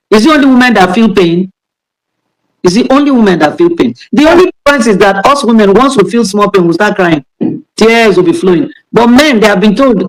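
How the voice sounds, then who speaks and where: A woman's voice: mid-range voice, animated, fairly quick, poor audio. Emphatic Nigerian woman pastor. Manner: repeats key words for emphasis. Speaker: pastor and guest speaker. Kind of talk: emphatic conversational teaching.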